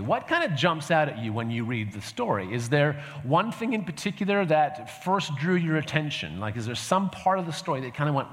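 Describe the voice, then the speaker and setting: A man's voice: fairly high pitch, very animated, moderate pace, fairly bright tone. A man giving a conversational teaching talk to a church group, often checking in with the audience. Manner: conversational, fillers and restarts, asks audience "right?". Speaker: pastor. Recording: reverberant hall sound.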